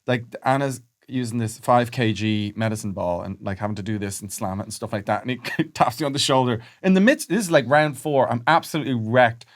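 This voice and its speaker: A man's voice: mid-range voice, fairly quick, hardly any pauses. Self-mocking man in his thirties. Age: 30s. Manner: self-mocking storyteller, laughs often. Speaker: podcast co-host. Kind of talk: casual comedic chat.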